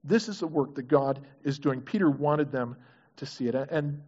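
A man's voice: medium pitch, moderate pace, a little mellow. A man preaching a sermon, asking his congregation questions in an earnest, engaged way. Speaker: pastor. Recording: dull lo-fi recording.

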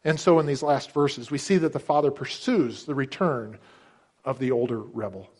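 A man's voice: moderate pace, husky. A middle-aged man preaching a sermon, earnest and emphatic, acting out the characters' words with a lifted voice. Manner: earnest, emphatic, acts out quotes with raised pitch. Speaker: pastor.

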